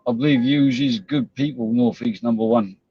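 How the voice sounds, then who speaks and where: A man rants on his live stream, blunt and scornful, with plenty of swearing. His voice sits at an ordinary middle pitch. The audio is dull and lo-fi. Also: steady tone, normal speed, breathy edge, no room sound. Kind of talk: ranting live-stream commentary.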